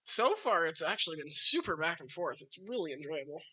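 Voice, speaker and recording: A man's voice: fairly high pitch, big pitch swings, brisk, sharp tone, breathy edge. A man streaming a card game live, chatting casually and talking to his opponent as he plays. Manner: chatty, talks to his opponent while playing.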